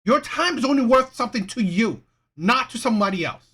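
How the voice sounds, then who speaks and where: A woman's voice: on the high side, animated, fairly quick, a bit bright, husky. A woman host giving an indignant, emphatic reaction commentary on a clip.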